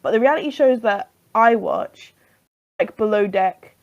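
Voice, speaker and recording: A woman co-hosting a casual podcast chat, talking in a wry, expressive way. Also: mid-range voice, measured pace, dull audio. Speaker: podcast co-host.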